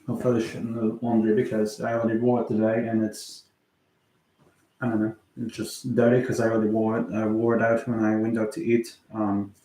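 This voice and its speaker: A man's voice: on the low side, mellow, echoey room, a little hiss or hum, low-quality recording. A man streaming live, chatting casually in a rambling, hesitant way full of fillers and frequent swearing. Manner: swears a lot. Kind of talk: casual livestream chat.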